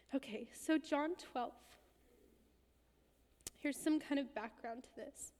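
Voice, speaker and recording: A woman giving a sermon, telling a personal story intensely and emphatically, sometimes dropping to a hushed whisper. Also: on the high side. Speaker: guest speaker. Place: church hall. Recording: long hall reverb.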